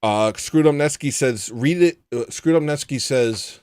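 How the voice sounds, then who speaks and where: A man's voice: mid-range voice, measured pace, darkish tone, clear, resonant tone, dry recording. A man hosting a livestream, chatting casually and making dry, sardonic asides. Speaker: livestream host. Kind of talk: casual chat reading viewer comments.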